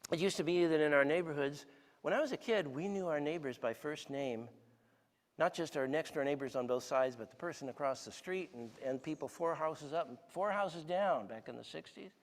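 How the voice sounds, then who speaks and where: Speaking at normal speed in a fairly high pitch, this guest speaker in his sixties fills a large church hall. He gives a conversational sermon, sharing stories and asking the congregation questions.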